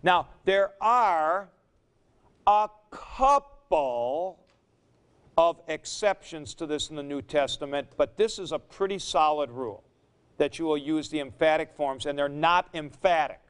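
A man gives a Greek grammar lecture at an unhurried, deliberate pace, with a smooth, clear tone. He keeps stopping to correct himself and goes back over the key points. His voice sits a little high for a man. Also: lively intonation. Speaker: Greek teacher.

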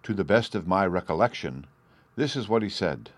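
Low-voiced man narrating a classic novel. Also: lively intonation, no echo. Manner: measured, storytelling. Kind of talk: audiobook reading of a classic novel.

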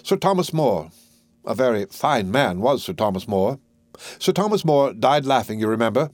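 A man's voice: mid-range voice, big pitch swings, normal speed, dry recording, lightly acted. A man voicing an eccentric wealthy host who swings from mocking laughter to musing cordiality in a storybook reading. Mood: flamboyant. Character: eccentric wealthy male host, theatrical and mercurial.

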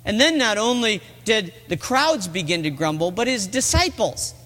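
A man's voice: high voice, animated, moderate pace, sharp tone. A middle-aged man preaching a sermon in a church, telling the story earnestly and rising to emphatic peaks. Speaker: pastor. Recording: long reverb of a large hall.

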